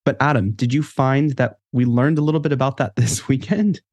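A man's voice: medium pitch, fairly quick, darkish tone, dry recording. A man co-hosting a podcast in casual, easygoing conversation, steering the talk between topics. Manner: easygoing, conversational, leads segments. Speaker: podcast co-host. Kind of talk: casual chat.

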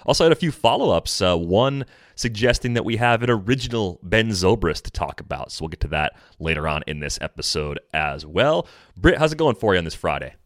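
This is a man hosting a podcast in casual chat. His voice sits low, and the sound is close and dry. He keeps things upbeat and moves the talk along. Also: big pitch swings, brisk, no echo. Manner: upbeat, conversational, steers the talk. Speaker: podcast host.

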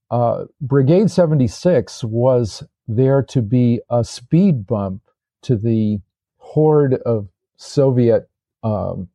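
An older man who once commanded a tank tells his stories as an interview guest, rambling, restarting, and using fillers. His voice is medium-pitched and dark, recorded with no room sound, in a casual storytelling style.

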